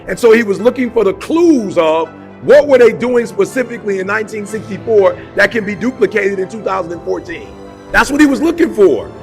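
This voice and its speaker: A man's voice: high voice, gravelly, a bit bright. A man giving a motivational talk in a punchy, conversational way, full of rhetorical questions and casual slang. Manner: casual slang, repeats phrases for emphasis. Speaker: motivational speaker.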